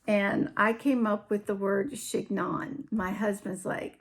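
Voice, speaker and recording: A woman hosting a casual crafting show-and-tell, chatty and unhurried, often trailing off and picking up her sentences again. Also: mid-range voice, steady tone. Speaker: podcast host.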